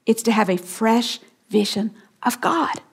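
A woman giving a radio Bible teaching as the host. She is earnest and emphatic, repeats key phrases, and sometimes drops to a soft hush for stress. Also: fairly high pitch, a little slow, slightly rough.

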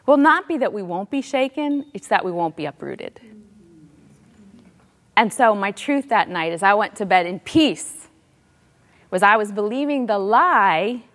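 Middle-aged woman sharing a faith story, heartfelt, goes soft and hushed sometimes, long hall echo. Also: medium pitch. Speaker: Christian author and speaker. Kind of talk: personal faith talk.

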